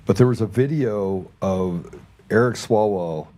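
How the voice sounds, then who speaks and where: A man's voice: on the low side, a little slow, warm tone. A man hosting a political talk show, casual and rambling, often sarcastic, repeating his words as he goes. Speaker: podcast host.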